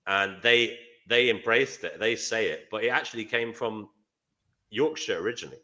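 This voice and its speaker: A man hosting a live online panel discussion, chatting in a rambling way with quick asides. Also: fairly low pitch, pushed and bright. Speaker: host.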